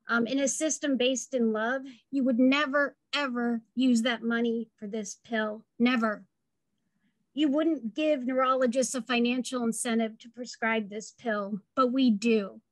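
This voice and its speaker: A woman's voice: a little high, a bit bright. A woman telling a personal family story and making an earnest advocacy speech at a town hall. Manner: earnest, heartfelt, building to rallying calls.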